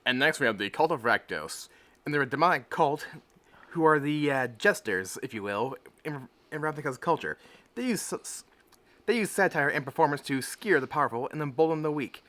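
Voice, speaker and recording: A man co-hosting a podcast, reading notes fairly smoothly and adding wry quips in casual chat. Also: a little high, animated, a little fast, pushed and bright. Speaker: podcast co-host.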